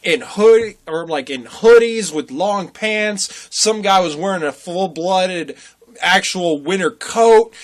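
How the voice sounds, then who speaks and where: A man's voice: high-pitched, lively intonation, takes it slowly. A young man co-hosting a casual chat who tells funny stories and laughs at his own jokes. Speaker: podcast co-host.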